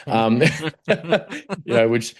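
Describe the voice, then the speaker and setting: A man's voice: mid-range voice, big pitch swings, extremely slow, slightly rough. Blunt Australian man in his forties. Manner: blunt, swears freely, restarts sentences. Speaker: podcast guest, former protection officer. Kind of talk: casual conversational interview.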